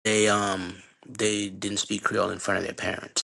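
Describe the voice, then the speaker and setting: Middle-aged haitian-born guy, lowish gravelly voice, loose slangy storytelling. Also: flat delivery, moderate pace, pushed and bright. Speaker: guest. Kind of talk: casual storytelling conversation.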